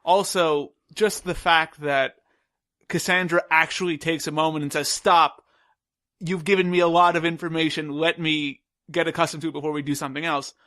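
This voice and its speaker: A young man hosting a podcast, giving opinionated, animated TV reviews in casual chat. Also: fairly high pitch, moderate pace, dry recording, studio quality. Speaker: podcast host.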